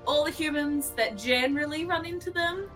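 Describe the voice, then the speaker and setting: A woman playing a tabletop game, chatty and quick, saying "like" a lot. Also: high voice, music in the background. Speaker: player. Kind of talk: casual tabletop play.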